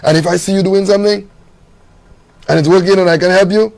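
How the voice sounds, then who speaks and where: A man's voice: high-pitched, fairly even intonation, fast, gravelly, a little mellow. A man who runs a charity, speaking as a talk show guest in an earnest, preachy way. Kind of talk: casual talk show chat.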